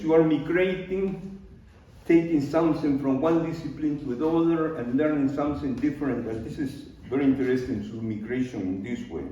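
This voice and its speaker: A man's voice: medium pitch, dark tone. Older Peruvian man speaking in an echoey studio. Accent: Peruvian Spanish. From Peru. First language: Spanish. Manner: unhurried, loose grammar, pauses and fillers. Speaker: artist giving a talk. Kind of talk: live talk to an audience. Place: large art studio. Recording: very echoey room from far off, dull.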